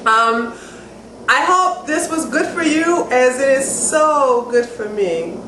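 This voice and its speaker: A woman giving a casual, enthusiastic cooking how-to demonstration at home, chatty and getting excited. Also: sits high, slow. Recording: roomy echo with faint background noise.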